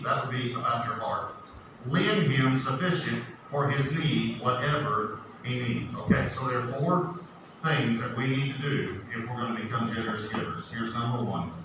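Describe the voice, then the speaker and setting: A man's voice: medium pitch, normal speed. A man preaching a sermon, emphatic, repeating key phrases and asking the audience questions. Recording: echoey distant noisy room recording.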